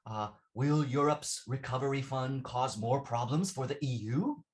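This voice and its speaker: A man's voice: medium pitch, expressive, normal speed. Patient man teaching vocabulary. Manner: patient, repeats phrases, asks "right?" often. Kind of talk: classroom vocabulary lesson.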